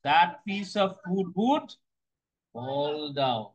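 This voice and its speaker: A man teaches a poem line by line in a notably high voice. He moves at an unhurried, deliberate pace. He keeps repeating words and asks questions that he then answers himself. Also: very animated, rough recording. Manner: explains slowly, repeats phrases, asks and answers his own questions. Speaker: English teacher.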